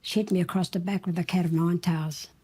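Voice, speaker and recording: In an interview, a seventy-something Australian woman describes her childhood bluntly and plainly, with dry defiance. Her voice is lowish, mellow and husky. She keeps a steady tone and a brisk pace.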